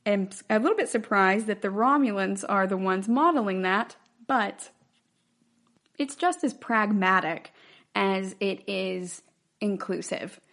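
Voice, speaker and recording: A woman's voice: medium pitch, a little slow, a bit bright. A woman hosting a podcast, recapping a TV episode in a chatty, loose way with plenty of fillers. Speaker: podcast host.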